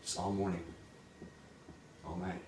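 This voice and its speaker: A man's voice: deep voice, little pitch movement, a little slow. A man retelling a fairy tale in a casual, chatty way, peppered with "like". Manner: casual, full of "like" and "he's like". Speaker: storyteller. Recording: roomy, distant mic, background noise.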